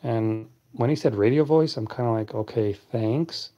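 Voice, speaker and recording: A man hosts a late-night live stream, chatting casually and responding to viewers' comments. His voice is deep, clear, and warm, at a moderate pace.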